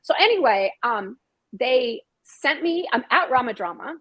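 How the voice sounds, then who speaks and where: A middle-aged woman talks as an interview guest in a husky, somewhat high voice. She speaks casually and animatedly and doubles up words as she goes. Her voice sounds close and dry. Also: big pitch swings, measured pace, dry recording, dull audio. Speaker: guest author and screenwriter.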